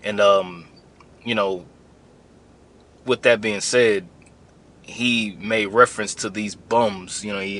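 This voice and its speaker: A man's voice: lowish voice, pushed and bright, a little hiss or hum. A man giving an informal religious lesson to his camp, rambling and conversational, building to heated emphasis.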